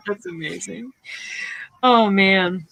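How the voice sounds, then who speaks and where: A woman's voice: mid-range voice, creaky, a bit bright, slight background noise, low-quality recording. A woman from Louisiana hosting an art stream, chatting effusively and laughing often over a video call. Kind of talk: casual video chat.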